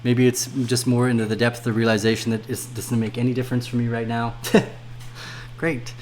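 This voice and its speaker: A man of middle pitch hosts a casual trading livestream, reading viewer comments aloud. He swears constantly and swings between quiet, low-energy muttering and loud, heated rants. A faint hum sits under the voice. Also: level tone, normal speed. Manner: swears freely, ranting at chat, swings from low mumbling to loud outbursts. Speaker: crypto trading livestream host.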